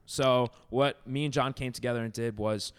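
A man co-hosting a podcast, talking about gym programming in casual chat, animated and laughing often. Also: mid-range voice, moderate pace, clear, resonant tone. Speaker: podcast co-host and gym coach.

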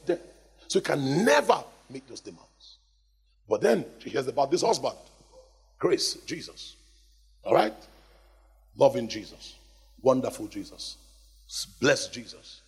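Husky pastor preaching in a reverberant hall. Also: male voice, medium pitch, measured pace, pauses often. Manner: lively preaching with call-and-response to the congregation. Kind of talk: sermon. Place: church hall.

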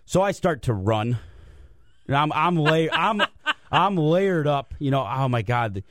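A man's voice: fairly high pitch, sing-song, measured pace, noisy background. Man telling a self-mocking story. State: out of breath from cold. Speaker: guest commentator. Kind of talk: casual radio chat.

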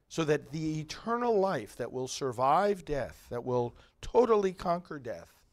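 A male priest with a fairly high voice gives liturgical readings and a homily, speaking in a measured, solemn way with long pauses.

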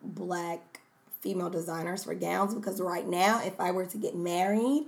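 A woman's voice: lowish voice, normal speed, gravelly. Playful woman co-host on tangents. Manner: animated, playful, goes off on tangents. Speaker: podcast co-host. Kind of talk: casual chat.

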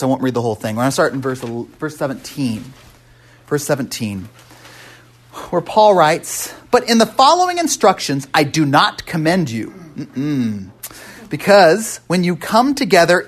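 A man preaching a casual, interactive sermon, walking through a text and quizzing the congregation with frequent "right?" tags and restarts. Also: fairly high pitch. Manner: conversational, asks the congregation questions. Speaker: pastor.

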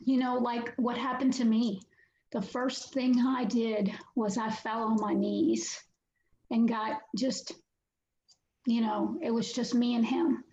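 A woman sharing a heartfelt personal testimony, halting and full of "you know"s. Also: fairly high pitch, steady tone, darkish tone, reverberant, lo-fi sound. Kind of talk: personal testimony in a devotional talk.

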